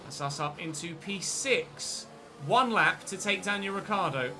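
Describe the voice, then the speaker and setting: Excitable man narrating a racing game. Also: high voice, measured pace, over music. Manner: excitable, jokey, talks to viewers. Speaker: gaming streamer. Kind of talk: live racing game commentary.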